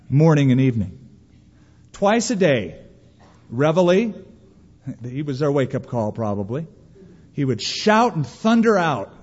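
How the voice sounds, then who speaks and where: A man preaching a sermon as pastor, emphatic and animated, acting out quoted lines. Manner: emphatic preaching, voices quotes with raised pitch. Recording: dull sound in a long-reverb hall.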